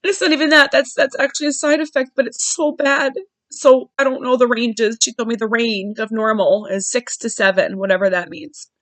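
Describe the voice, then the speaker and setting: A woman's voice: high voice, fairly bright tone, no room sound, low-quality recording. A woman hosting a podcast, sharing a personal story in an earnest, heartfelt way with frequent restarts. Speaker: podcast host.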